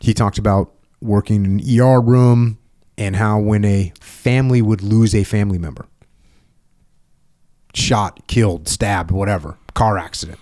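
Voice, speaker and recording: His voice is fairly low and darkish, and he keeps a moderate pace. This middle-aged man hosts a podcast, telling stories in a relaxed, conversational way and emphatically performing the voices of people he quotes.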